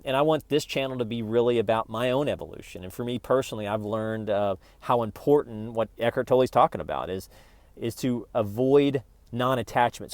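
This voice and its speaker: With a mid-range, slightly dark voice and no room sound, a middle-aged man hosts his YouTube channel. His spiritual self-help talk is conversational and full of jokes, and he frequently starts sentences over.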